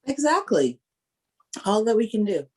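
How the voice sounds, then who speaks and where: A woman's voice: on the high side, very animated, a little slow, a little mellow, slightly rough. A tipsy Caribbean American woman with a lawyer's background, co-hosting a casual podcast chat and rambling with frequent laughter. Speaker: podcast co-host; entertainment lawyer.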